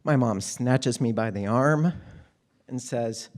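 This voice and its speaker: A man's voice: mid-range voice, takes it slowly. Candid man telling a wry story. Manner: candid, wry, animated retelling. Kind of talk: live personal storytelling.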